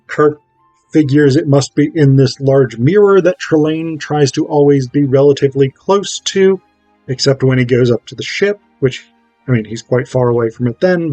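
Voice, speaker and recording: A man's voice: mid-range voice, dark tone, no echo, poor audio. A man recapping a television episode at home, rambling with self-interrupting asides. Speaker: video essayist.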